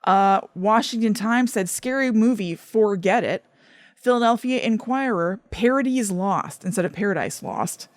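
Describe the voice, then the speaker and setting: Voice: mid-range voice, normal speed, dry recording. Laid-back podcast co-host, dry delivery. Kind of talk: casual movie review chat.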